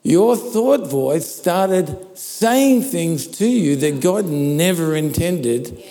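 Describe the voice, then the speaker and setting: Slow, mellow-voiced male preacher in a hall. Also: fairly high pitch, lively intonation. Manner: conversational, checks in with "all right?". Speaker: pastor. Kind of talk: sermon. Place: church hall. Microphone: handheld or stand microphone. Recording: long reverb of a large hall.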